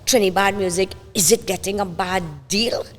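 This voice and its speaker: A woman's voice: medium pitch, fairly even intonation, normal speed, long reverb tail, soft background music. A woman hosting a podcast interview, conversational and asking questions. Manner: conversational, many fillers and restarts, asks questions. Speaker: podcast host. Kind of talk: casual interview.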